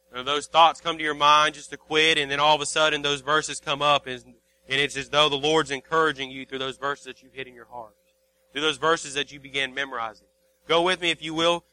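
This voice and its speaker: A man's voice: fairly high pitch, sharp tone, poor audio. A man preaching a sermon, earnest and repetitive, quoting King James scripture to his congregation.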